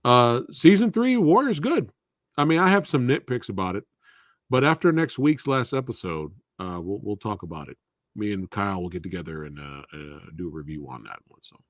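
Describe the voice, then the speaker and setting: Male streamer, relaxed and chatty with viewers; low pitch that swings a lot, dry room. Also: brisk, no echo. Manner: laid-back, answering viewers by name. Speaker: live stream host. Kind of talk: casual live Q&A chat.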